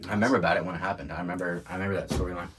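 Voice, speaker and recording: A man's voice: low voice, steady tone, very fast, noisy background. A man co-hosting a podcast, talking in a laid-back, casual way and laughing often. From England. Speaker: podcast co-host. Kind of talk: casual chat.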